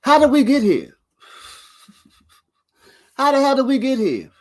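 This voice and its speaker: A man's voice: extremely high pitch, very animated, measured pace. Rambling, profane man ranting to camera. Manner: rambling, profane, laughs between lines; talks straight to viewers. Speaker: vlog host. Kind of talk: casual rant to camera.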